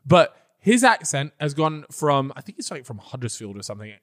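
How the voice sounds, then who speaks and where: A man's voice: on the high side, big pitch swings, a little fast. Blunt, swearing young man. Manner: blunt, swearing, laughing banter. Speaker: podcast co-host. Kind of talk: casual chat.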